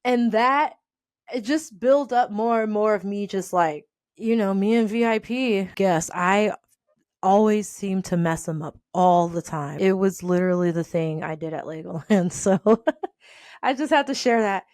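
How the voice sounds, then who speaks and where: A woman casually telling a personal story, animated and laughing often as she acts out the people in it. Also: medium pitch, unhurried, dry recording, studio quality.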